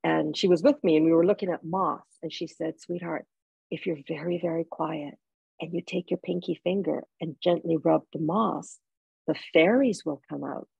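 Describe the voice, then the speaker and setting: A woman with a husky, slightly gravelly voice tells personal stories in an interview, heartfelt and halting at times. The sound is dry and a little dull, as on a lo-fi recording. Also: sits low, fairly even intonation, no room sound. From Jamaica. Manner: heartfelt storytelling with restarts. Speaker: author and guest. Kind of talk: interview conversation.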